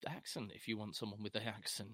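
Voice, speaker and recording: Middle-aged guy on a film podcast, bright voice, dry mic, chatty and a bit halting. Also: fairly low pitch, fairly even intonation, husky, no room sound. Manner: chatty, hesitant restarts. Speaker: podcast co-host. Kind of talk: casual film discussion.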